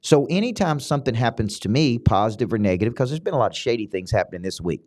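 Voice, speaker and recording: A middle-aged man with a Southern US accent, hosting a motivational podcast as a business coach, talking emphatically and repeating himself, with sudden upward jumps in pitch. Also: sing-song, fast talker, darkish tone.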